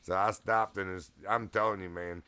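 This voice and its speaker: Man, lowish voice, casual rambling story, laughs a lot, swears, heats up. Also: steady tone, moderate pace, sharp tone, smooth. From Virginia. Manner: rambling, laughing, profane, gets heated retelling. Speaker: streamer.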